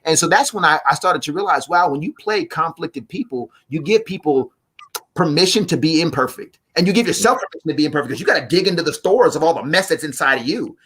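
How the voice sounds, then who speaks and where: A man, a guest on a live talk show, telling stories about acting and family with big swings in pitch. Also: quick pace, breathy edge. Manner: animated, preacherly storytelling with wide swings in pitch. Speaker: guest, actor and playwright.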